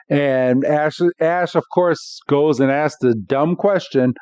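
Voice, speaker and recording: A man's voice: fairly high pitch, drawn-out words, a little mellow, clear, resonant tone, dry recording, dull audio. A man hosting a podcast, recapping a cartoon episode scene by scene in a casual way. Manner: retells scenes, acting out the characters' lines. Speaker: podcast host.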